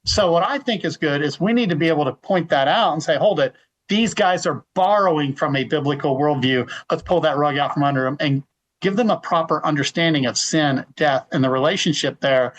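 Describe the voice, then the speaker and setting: A man's voice: a little high, a little fast, a bit bright, poor audio. Middle-aged male guest, emphatic Q&A answerer, leans on repetition. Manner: emphatic, repeats words, retells arguments. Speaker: guest speaker. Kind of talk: answering a question in a live Q&A.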